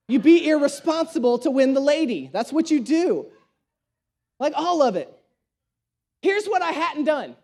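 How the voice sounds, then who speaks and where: A male pastor preaching a sermon, telling a self-deprecating story with humor and acting out the dialogue. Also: very high voice. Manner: acts out dialogue in his stories.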